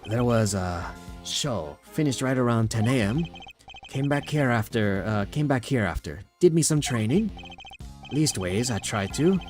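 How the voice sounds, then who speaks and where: A man's voice: medium pitch, animated, a little slow, music in the background, natural voice. A man voicing a tough-talking male inmate boxer, with clipped street slang and an accent that keeps slipping. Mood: gruff.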